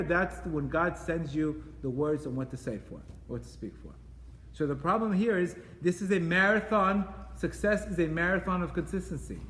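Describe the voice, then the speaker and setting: Animated man teaching in an echoey hall. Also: high-pitched. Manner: animated, rhetorical questions, repeats phrases. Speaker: teacher giving a class. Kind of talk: Torah class lecture. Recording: echoey hall with faint ambience.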